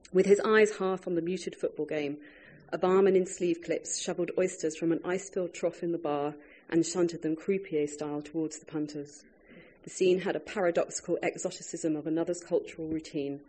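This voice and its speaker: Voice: mid-range voice, warm tone, husky. An author reading their own food writing aloud to a live audience, wry and breaking off now and then for chatty asides.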